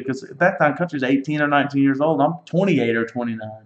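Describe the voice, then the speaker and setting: A man in his thirties hosts a podcast, rapidly telling a joking, profane story in a casual chat. His voice is medium-pitched, and the echoey room gives the recording a dull, lo-fi sound.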